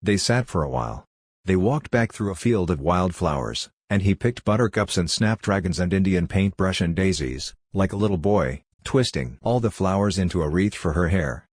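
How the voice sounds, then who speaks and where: A man narrating a novel as an audiobook with a measured, steady reading. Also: sits low, no room sound, clean studio sound. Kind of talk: scripted narration.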